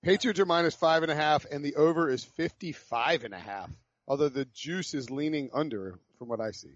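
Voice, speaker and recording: A man co-hosting a sports podcast, lively as he rattles off betting numbers. His voice is a touch high, and the sound is dry and a little dull. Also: a little fast, dry recording. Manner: lively, laughs at his own jokes, rattles off stats. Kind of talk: casual sports podcast banter.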